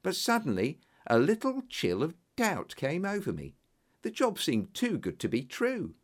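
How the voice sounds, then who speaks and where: A male audiobook narrator with a highly lively, wide-ranging pitch. He tells the story expressively, in a scripted reading. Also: a little slow.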